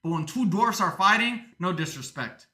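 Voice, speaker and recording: A man's voice: high voice, expressive, normal speed, pushed and bright. A man livestreaming in casual talk, swearing often and ranting, moving between jokes and earnest thanks to supporters.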